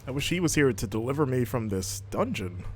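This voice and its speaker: A man hosting a game livestream narrates his own play in a sing-song, medium-pitched voice at a fairly quick pace, chatting casually and cracking jokes. Background noise can be heard.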